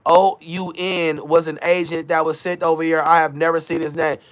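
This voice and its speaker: A man's voice: fairly high pitch, level tone, normal speed. A man hosting a casual livestream, talking loosely in slang, hyping his chat and reading their messages aloud. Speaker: livestream host.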